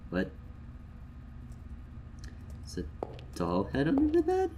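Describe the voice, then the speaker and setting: A man giving casual, joking game commentary, swinging between mumbles and loud outbursts. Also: sits low, huge pitch swings, slow pace, vocal fry, long pauses, a little hiss or hum. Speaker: let's play gamer.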